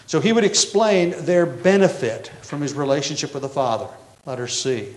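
A man's voice: on the high side, normal speed, a little mellow. A man pastor preaching an expository sermon, emphatic and explanatory, with frequent self-corrections. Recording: echoey room.

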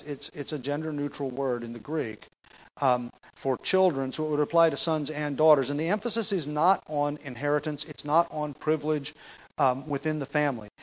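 A middle-aged man preaches through a Bible passage in a conversational teaching voice that sits a little high for a man. He presses hard on key phrases, then eases back into plain explanation with the odd filler and restart. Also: rough recording. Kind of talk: expository sermon.

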